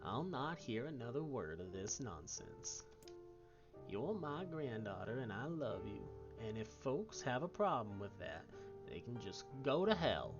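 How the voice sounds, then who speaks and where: A man voicing a feisty, blunt old grandmother with a Southern drawl, gruff and scolding. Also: mid-range voice, big pitch swings, a little slow, highs cut off, over music. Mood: stern tender.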